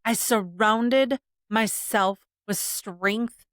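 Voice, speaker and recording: A woman's voice: medium pitch, very slow, no room sound, clean studio sound. A woman hosting her own podcast, talking earnestly and emphatically in a reflective solo monologue, repeating key points. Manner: earnest, emphatic, with repetition and soft laughs. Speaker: podcast host.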